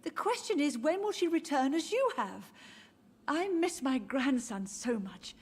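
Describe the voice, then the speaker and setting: A woman's voice: high voice, big pitch swings, unhurried. An actress voicing a frail elderly mother in a video game, grieving and confused, speaking in a wistful, drifting way. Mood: insistent. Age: older. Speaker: game character. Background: soft game music.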